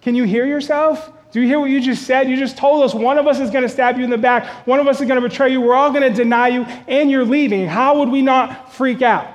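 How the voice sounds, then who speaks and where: A man's voice: extremely high pitch, steady tone, fast, hardly any pauses, highs cut off, pitched above the performer's own voice. A preacher voicing a panicked group of male disciples, protesting in disbelief. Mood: incredulous. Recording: long hall reverb.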